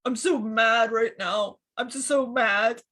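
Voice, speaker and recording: A woman channeling a fallen male archangel, speaking tearfully and haltingly through crying in a spiritual session. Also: on the high side, steady tone, a bit bright. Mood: angry. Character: grieving fallen male archangel, hurt and furious.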